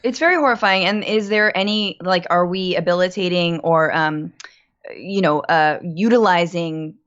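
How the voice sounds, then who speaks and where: A woman's voice: fairly low pitch, moderate pace, a bit bright, muffled recording. A woman co-hosting a political commentary show, impassioned and rhetorical, stacking repeated phrases for emphasis. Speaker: guest co-host.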